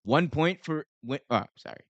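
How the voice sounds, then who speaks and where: A man's voice: fairly high pitch, expressive, normal speed, no echo, lo-fi sound. A man putting on the voice of a male wrestling ring announcer, reading match rules in a formal announcing cadence that stumbles over the wording.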